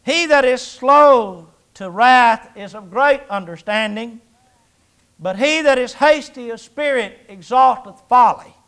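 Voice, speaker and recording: A man's voice: extremely high pitch, slow pace, a bit bright, clean tone. A man in his sixties preaching a sermon in a folksy, conversational way, with jokes and rhetorical questions. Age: 60s.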